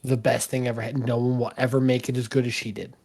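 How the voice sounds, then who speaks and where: A man's voice: mid-range voice, little pitch movement, fast, darkish tone, slightly rough. Blunt, swearing man from the South. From American South. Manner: blunt, swearing, emphatic opinions. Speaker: podcast guest, cook. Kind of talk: casual chat.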